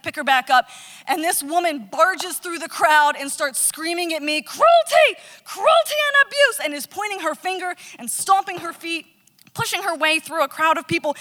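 A young woman telling a funny personal story, animated and self-mocking, laughing at herself as she goes. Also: high-pitched. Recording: long reverb.

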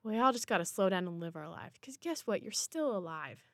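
A woman hosting her own podcast, speaking in a reflective, encouraging way with unhurried pauses and small restarts. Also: medium pitch, expressive, no room sound, clean studio sound. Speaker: podcast host. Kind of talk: reflective solo monologue.

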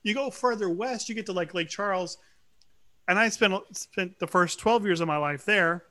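A middle-aged man from Louisiana chatting casually on a podcast, ranting with quick asides. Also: high voice, pushed and bright. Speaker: podcast co-host. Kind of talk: casual chat.

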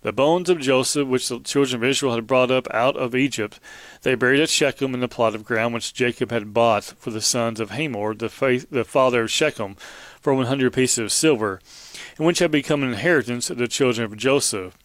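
A man's voice: mid-range voice, fairly quick, a bit bright, no room sound. Plain-spoken male preacher teaching scripture. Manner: reads scripture aloud then explains it plainly, with frequent restarts. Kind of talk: verse-by-verse Bible teaching.

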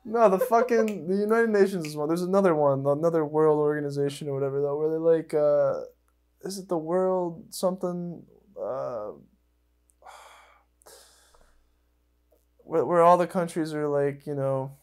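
Young male podcast host, a touch high-pitched, loose and rambling, quick to get worked up. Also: smooth. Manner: rambling and excitable, swears, many fillers. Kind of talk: casual chat.

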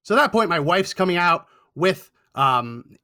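A man's voice: high voice, big pitch swings, a little slow, pushed and bright. A young man hosting a talk show, telling a story with indignant sarcasm. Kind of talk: storytelling commentary.

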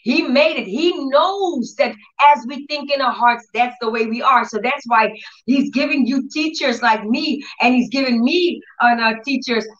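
A woman teaching her church audience about healing, giving an earnest, repetitive testimony with soft laughs. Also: high voice, moderate pace. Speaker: Bible teacher and church leader. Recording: distant, dull-sounding mic.

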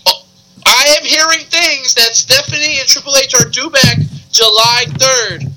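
A man co-hosting a casual wrestling podcast, excitable and sarcastic, quick to react to his co-host. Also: extremely high pitch, low-quality recording.

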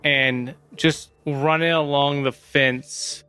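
A man playing a tabletop role-playing game, slowly describing his character's actions. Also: mid-range voice, steady tone, bright, forceful tone, clean tone, soft background music. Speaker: player. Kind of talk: casual tabletop play.

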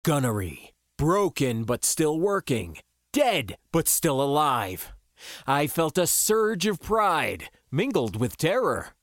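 Slow, expressive male audiobook narrator. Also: on the high side, dry recording, studio quality. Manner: expressive, dramatic delivery. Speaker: author and narrator. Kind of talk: first-person audiobook narration.

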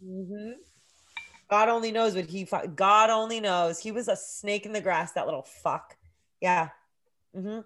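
With a mid-range voice and measured pace, a podcast co-host in her thirties shares a story in a casual chat. Her delivery is animated and high-energy, laced with heavy swearing.

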